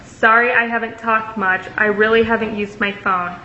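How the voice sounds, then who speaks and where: A woman's voice: fairly high pitch, fairly even intonation, normal speed, sharp tone. A young woman in a casual storytelling vlog, reading out messages with sarcastic asides. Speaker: vlogger. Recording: echoey room, dull lo-fi sound, faint hiss.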